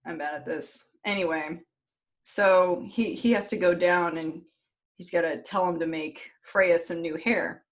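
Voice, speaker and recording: A woman co-hosting a podcast in casual chat, telling a story in an animated, giggly way and swearing freely. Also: lowish voice, a little slow. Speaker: podcast co-host.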